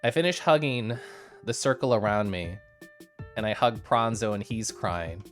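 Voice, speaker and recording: A man's voice: on the low side, moderate pace. Young guy streamer chatting to viewers, laughs a lot, faint music in the back. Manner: animated, laughs often, chats with viewers. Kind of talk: casual stream chat recapping a convention.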